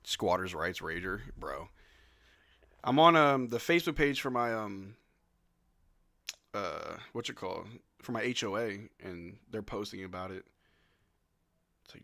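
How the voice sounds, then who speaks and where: A man hosting a casual live watch-along, calling plays excitedly at home and tossing in joking asides with lots of "bro.". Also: medium pitch, moderate pace, long pauses. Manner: excitable play-by-play mixed with joking asides, says "bro" often. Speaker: live stream host.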